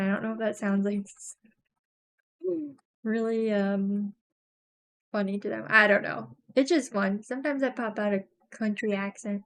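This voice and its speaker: A woman's voice: on the high side, unhurried. A young woman streamer chatting casually while crafting, rambling with lots of fillers and frequent giggles.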